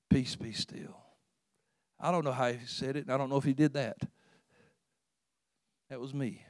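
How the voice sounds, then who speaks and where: A man preaching a sermon as pastor, fervent and swinging between loud calls and hushed, quiet passages. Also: on the high side, dry recording, studio quality.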